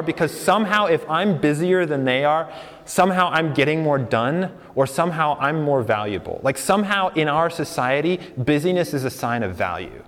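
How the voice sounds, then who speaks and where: A man's voice: fairly high pitch, lively intonation, a little fast. A young man preaching a sermon in a conversational way, asking the congregation questions and laughing along with them. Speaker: pastor. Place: church hall with congregation. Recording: long hall reverb.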